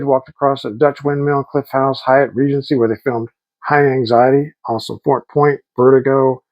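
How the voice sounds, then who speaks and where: A middle-aged vlogger's mid-range voice comes through with the highs cut off. He wanders through his stories eagerly and casually, acting out what other people said in their voices.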